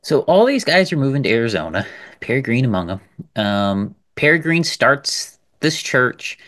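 A man co-hosting a podcast, talking in an animated, emphatic way and repeating words as he builds a point. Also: mid-range voice, moderate pace. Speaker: podcast co-host. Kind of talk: casual podcast discussion.

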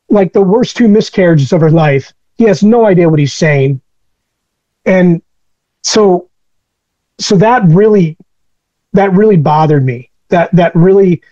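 A man's voice: sits high, warm tone, no echo. A man speaking as an interview guest, telling personal stories in a candid, reflective way, on a dull lo-fi recording.

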